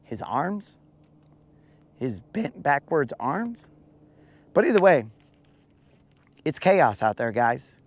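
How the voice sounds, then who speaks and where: A man hosting a casual live stream, in his rough morning voice with a dry mouth, rambling playfully and calling his viewers bro. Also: fairly high pitch, sing-song, slow, long pauses. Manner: playful rambling storyteller, addresses chat as bro. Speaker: fishing stream host.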